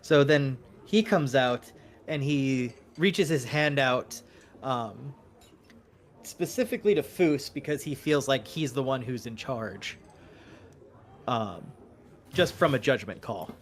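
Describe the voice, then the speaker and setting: A man narrating a tabletop game as dungeon master in a relaxed, meandering way. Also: medium pitch, slow.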